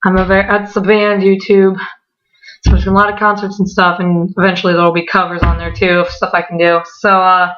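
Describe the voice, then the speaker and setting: A young woman telling a story in a casual vlog, excitable, often swearing and laughing, with lots of "like". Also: on the low side, fairly quick. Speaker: vlogger. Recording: echoey room, dull lo-fi sound.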